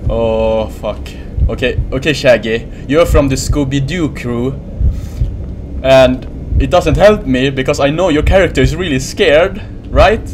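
Male gamer, anxious horror let's play commentary, unhurried delivery with a faint hiss behind. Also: medium pitch. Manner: nervous, swearing often, laughing nervously.

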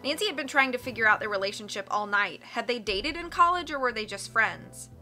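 Woman narrating a novel, very bright voice, slightly high, soft music underneath. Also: animated, brisk. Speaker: audiobook reader. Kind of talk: reading a novel aloud.

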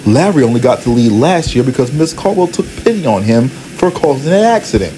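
A man's voice: mid-range voice, big pitch swings, brisk, dark tone, a little hiss or hum, natural voice, poor audio. A man voicing an anxious, whiny young male train engine who speaks frantically. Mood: worried whining. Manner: frantic, whinging.

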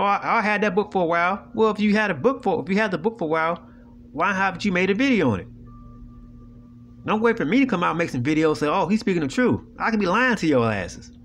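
This video host has a high-pitched, fairly bright voice. He speaks directly to viewers in a casual monologue that is blunt, preachy and profane, with a habit of asking "you know what I'm saying".

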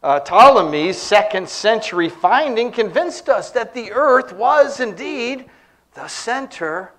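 A man's voice: sits high, lively intonation, takes it slowly, a bit bright. A man preaching a sermon in church, telling stories and humorous anecdotes.

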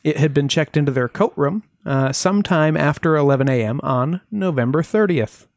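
A man's voice: a little high, normal speed, no echo. A man co-hosting a podcast, telling a mystery case with dry jokes in casual chat. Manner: dry, joking storyteller. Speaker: podcast co-host.

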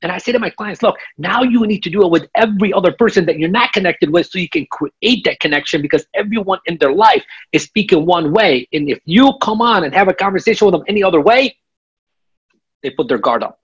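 A man's voice: high voice, animated, brisk, breathy edge, muffled recording. A man coaching as an interview guest, emphatic and checking in with the listener. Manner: emphatic, checks in with repeated "okay?". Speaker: real estate coach, guest.

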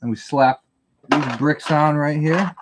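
Building at home on a live stream, a man chats easily and wanders through answers to viewers' messages. His voice sits fairly high and unhurried, and the stream's audio is noisy.

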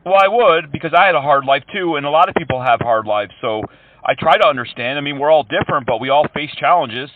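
A man calling scammers as a prank, talking calmly and mock-earnestly and throwing in broken Hindi words. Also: fairly high pitch, fast talker, a little hiss or hum. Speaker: prank caller and show host. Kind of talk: prank phone call to scammers. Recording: tinny phone line.

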